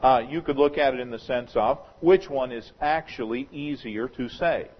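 A man preaching a sermon as pastor, talking through a scripture passage in a conversational, speculative way and slowing down to stress quoted verses. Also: medium pitch, highs cut off. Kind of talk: expository sermon.

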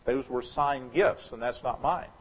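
A man preaching a sermon as pastor, talking through a scripture passage in a conversational, speculative way and slowing down to stress quoted verses. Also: mid-range voice, husky, highs cut off. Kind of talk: expository sermon.

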